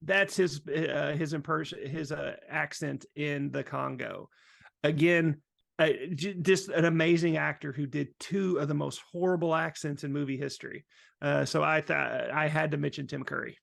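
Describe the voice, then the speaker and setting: A man's voice: fairly high pitch, fairly even intonation, normal speed, gravelly, fairly bright tone, dry recording, studio quality. A man talking casually about movie accents, rambling with restarts.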